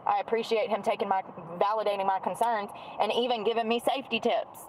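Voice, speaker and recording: Woman, casual chatty vlogger, mid-pitch, faint car noise behind. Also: fairly even intonation, fast talker, low-quality recording. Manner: chatty, musing, drifts off mid-sentence. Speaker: streamer. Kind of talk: casual chat while doing makeup.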